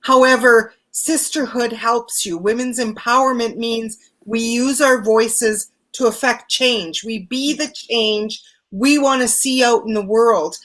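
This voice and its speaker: A woman hosting a women's circle, speaking calmly and reflectively about prayer, quiet and sisterhood on a live video call. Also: fairly high pitch, low-quality recording. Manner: calm, affirming, unhurried. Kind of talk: reflective spiritual talk.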